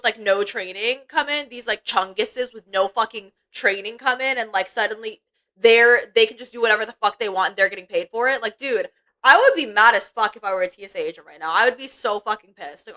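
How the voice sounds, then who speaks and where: A woman's voice: a little high, brisk, sharp tone, poor audio. A young woman streaming, chatting casually while eating, rambling and swearing freely with lots of fillers. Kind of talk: casual livestream chat. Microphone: desk mic while eating.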